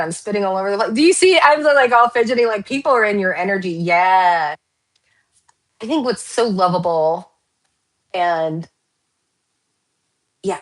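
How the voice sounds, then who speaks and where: Rambling excitable woman tarot reader. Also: mid-range voice. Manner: rambling, excitable, laughs often, tangents. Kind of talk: casual pick-a-card tarot reading.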